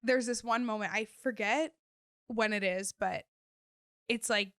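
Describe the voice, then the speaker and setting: A woman's voice: fairly high pitch, a little slow, clean tone, dry recording, studio quality. A young woman, a guest on a podcast, chatting enthusiastically and full of filler words. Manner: enthusiastic, fillers, animated retelling. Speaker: guest co-host. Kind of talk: casual chat.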